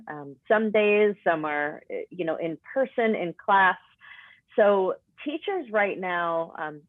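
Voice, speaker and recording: A woman's voice: fairly low pitch, no room sound. A woman co-hosting a webinar, adding thoughtful, somewhat hesitant commentary. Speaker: webinar co-host. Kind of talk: conversational commentary. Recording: tinny phone-like audio.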